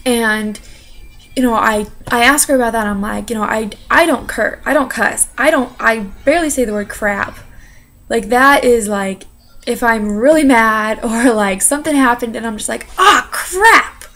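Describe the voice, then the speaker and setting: Chatty young woman, slightly high voice. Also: moderate pace, fairly bright tone. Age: young adult. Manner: chatty, many fillers and "you know". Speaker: interpreting student. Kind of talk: casual personal account.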